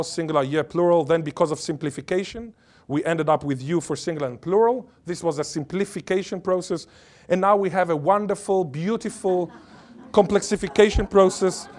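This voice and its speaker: A man giving an academic lecture as a linguist, emphatic and playful, fond of wordplay and of putting questions to the audience. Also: on the high side. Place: lecture or workshop before an audience.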